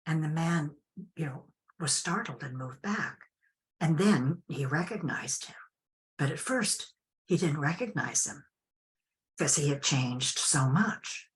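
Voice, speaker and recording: An older woman telling a personal story as an interview guest, unhurried and reflective with frequent restarts. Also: low-pitched, expressive.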